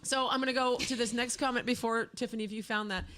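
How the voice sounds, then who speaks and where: A woman with a fairly high voice co-hosting a relaxed podcast livestream. She chats easily and reads viewer comments aloud in a plain, friendly manner. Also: quick pace, a little hiss or hum. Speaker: co-host. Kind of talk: casual chat.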